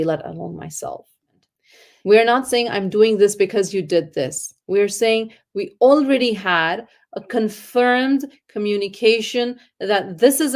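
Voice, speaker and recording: A woman speaking at a parenting conference in an animated, earnest teaching tone. By her own account she is loud and excitable. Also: on the low side. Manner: earnest, teaching tone with faith terms. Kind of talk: conference talk.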